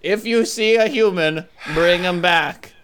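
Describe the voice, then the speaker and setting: A man voicing an excitable, earnest forest creature with no arms in a tabletop role-play. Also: high voice, a little slow, smooth. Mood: pleading. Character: armless forest creature, eager and friendly.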